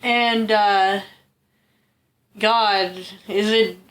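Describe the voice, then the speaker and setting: A woman co-hosts a relaxed podcast chat, laughing often between thoughts. Her pitch sits in the middle of the range, and she talks loosely, with plenty of fillers and restarts. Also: extremely slow. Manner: giggly, chatty, many fillers. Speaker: podcast co-host. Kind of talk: casual chat.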